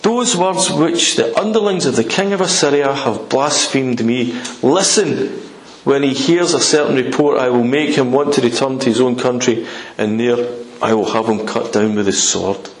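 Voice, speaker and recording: A man's voice: medium pitch, normal speed. A man preaching a sermon, acting out prayers in an urgent, impassioned voice. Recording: echoey church hall with faint noise.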